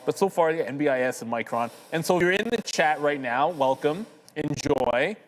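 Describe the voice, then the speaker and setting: A man's voice: fairly high pitch, expressive, normal speed, rough recording. Chatty man co-hosting a trading stream. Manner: chatty, upbeat, addresses chat viewers. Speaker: trading show co-host. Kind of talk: live market commentary chat.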